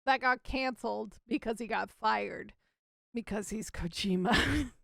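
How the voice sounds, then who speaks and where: Chatty high-voiced woman podcast host. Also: creaky, fairly bright tone, no room sound. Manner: chatty, quick to laugh, many fillers. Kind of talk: casual chat.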